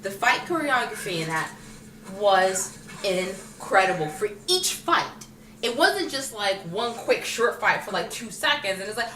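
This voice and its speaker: A woman's voice: fairly high pitch, normal speed. A woman chatting casually in a film review vlog, acting out characters' lines as she goes. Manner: animated, acts out characters' lines. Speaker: vlogger. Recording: roomy echo, distant mic, faint music.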